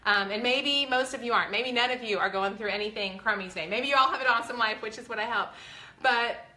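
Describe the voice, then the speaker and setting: A woman vlogger in her 40s talks earnestly and chattily to her viewers, near tears and speaking with a faith-filled manner. Her voice is fairly high, fast, and sharp, with a roomy sound.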